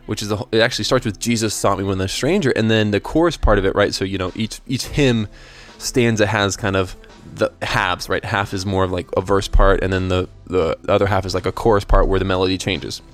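A man's voice: lowish voice, brisk, faint music behind. A man casually explaining the meaning of hymn lyrics and his faith in an earnest, thoughtful way, often restarting and checking in with "right?". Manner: thoughtful and earnest, with frequent restarts and tag questions.

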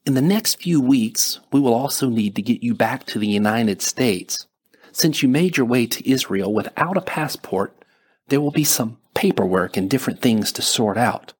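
A man's voice: mid-range voice, lively intonation, moderate pace, slightly rough. A man voicing a nasal New Jersey official woman. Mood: businesslike. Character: businesslike female embassy official.

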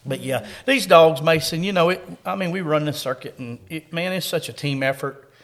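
A man's voice: on the high side, moderate pace, a bit bright. A middle-aged man from Kentucky with a Southern accent, a coon hunting dog handler telling a story in an interview in a folksy way. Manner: folksy storyteller, laughs through the funny parts.

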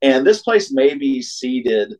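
A man in casual conversation spins a long road story with easy, middle-pitched warmth. He laughs often, leans into the punchlines and briefly acts out the voices of the people he describes. A relaxed, chatty guest sharing a favorite tale. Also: takes it slowly, rough recording. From Ohio. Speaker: singer-songwriter guest.

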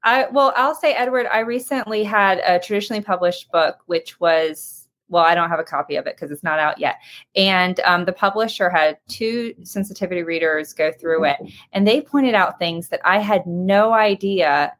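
A woman moderates a question-and-answer session, passing along audience questions. Her voice sits somewhat low for a woman. She speaks hesitantly, filling pauses with frequent ums. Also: fairly bright tone. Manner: hesitant, many filler ums. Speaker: host. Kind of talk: moderating a webinar Q&A.

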